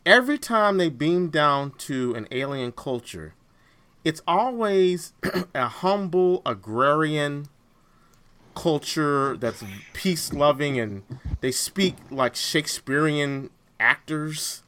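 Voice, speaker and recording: A man co-hosting a podcast in casual chat, animated and laughing often, restarting his sentences as he goes. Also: fairly high pitch, takes it slowly, clean tone. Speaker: podcast co-host.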